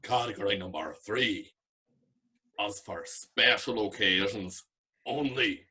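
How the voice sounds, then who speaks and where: A man doing an impression of a big, drunk Belfast man who makes blunt, gruff pronouncements in a Belfast accent. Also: lowish voice, takes it slowly, pushed and bright, heavily acted.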